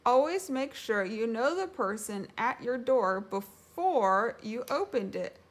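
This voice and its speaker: A woman's voice: on the high side, animated, slow. A woman voicing a kind, sensible young boy who explains things patiently in a storybook read-aloud.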